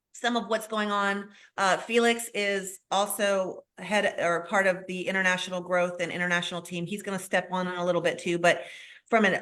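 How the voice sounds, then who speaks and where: A woman hosts a live show over a video call, with a mid-pitched voice. She talks in an enthusiastic, effusive way as she brings in her guest. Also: a bit bright. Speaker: host. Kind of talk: live webinar hosting.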